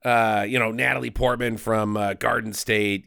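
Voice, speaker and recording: A man's voice: fairly low pitch, fairly even intonation, moderate pace, vocal fry, pushed and bright, clean tone, no room sound, clean studio sound. A man co-hosting a movie review podcast, chatting casually and rambling with fillers as he recaps the story. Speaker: podcast co-host.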